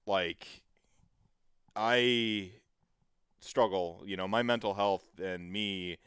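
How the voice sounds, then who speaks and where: A man's voice: low voice, extremely slow, fairly bright tone, smooth. A man in his thirties hosting a casual podcast chat, rambling with plenty of fillers and the odd swear word. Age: 30s. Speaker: podcast host.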